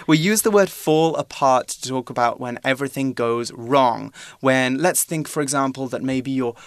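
A man explaining English vocabulary on a language-learning show, patient and clear, giving example sentences. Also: medium pitch, moderate pace, no echo, studio quality. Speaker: English teacher.

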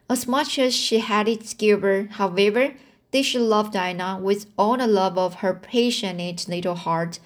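A woman reads a classic novel aloud and pauses to comment on it, her voice at an ordinary middle pitch. She goes very slowly, stumbling over words and restarting phrases, with many filler sounds between them. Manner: slow, halting, frequent restarts and fillers. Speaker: reader.

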